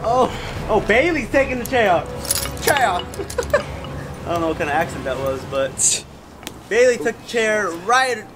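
A laid-back person chats outdoors at a very slow pace. The voice moves a lot. Loud outdoor noise covers the background. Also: mid-range voice, very animated. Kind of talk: casual vlog talk. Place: outdoors in trees.

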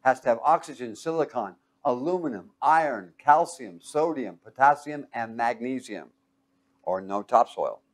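Man quizzing his audience in a lively talk. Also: mid-range voice, normal speed. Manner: quizzes the audience with fill-in questions; lively and emphatic, swinging from loud to hushed. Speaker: speaker teaching a live audience.

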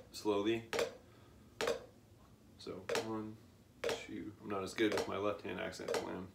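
Male drum teacher, unhurried and low, recorded in an echoey room with loud dish clatter behind. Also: creaky, heavy background noise. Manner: slow, relaxed, counts aloud while demonstrating. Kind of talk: casual instructional demo.

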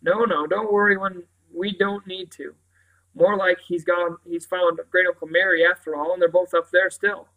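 A level-headed older boy in a storybook, as a man reads him aloud, calm and brisk as he brushes off worry. His voice sits a touch high for a man. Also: rough recording. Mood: reassuring. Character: sensible older boy reassuring his sister.

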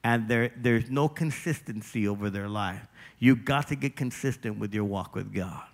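A male pastor preaching a sermon, driving points home with emphatic repetition and shifting between loud declarations and quieter personal appeals. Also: fairly low pitch, moderate pace, vocal fry.

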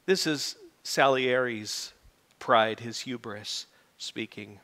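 A middle-aged man preaching a sermon as pastor, animated and building to loud emphatic peaks. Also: medium pitch, takes it slowly. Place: church sanctuary. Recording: reverberant church hall.

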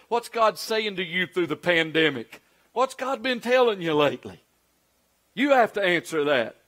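A man's voice: high voice, a bit bright. A man, a pastor preaching a conversational sermon full of rhetorical questions.

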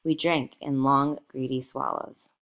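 Low, gravelly woman narrating. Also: fairly even intonation, measured pace, a bit bright. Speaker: audiobook narrator. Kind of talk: reading a novel aloud.

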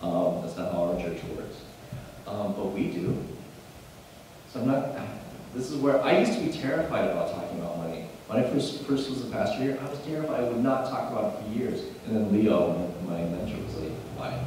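A man preaching a sermon as pastor, animated and building to emphatic bursts, often restarting his phrases. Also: lowish voice, fairly quick, a little hiss or hum. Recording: echoey hall, mic at a distance.

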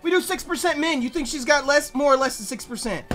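A man commentating his video game run, swearing, swinging between yelling and muttering calculations, his voice strained from shouting. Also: extremely high pitch, fast, hardly any pauses, soft background music. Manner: swears a lot. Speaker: gaming YouTuber. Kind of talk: let's play commentary.

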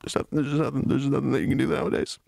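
A man's voice: mid-range voice, little pitch movement, racing, creaky, darkish tone, no room sound, studio quality. A male streamer doing a mock-melancholy, self-pitying comic bit in casual stream chat, breaking into laughs, speaking from his office. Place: office, sitting on a beanbag.

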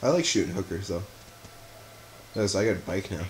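A man's voice: low voice, normal speed, a little hiss or hum. A young man casually commenting while playing a video game, joking and swearing with a friend. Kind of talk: casual let's-play banter.

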